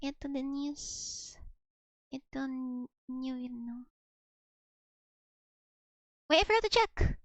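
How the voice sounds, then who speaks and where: A young woman on a laid-back stream practices Russian words aloud, chatty and self-mocking, with frequent "like"s. She speaks slowly and expressively in a voice that sits high, leaving long pauses, and the recording is dry.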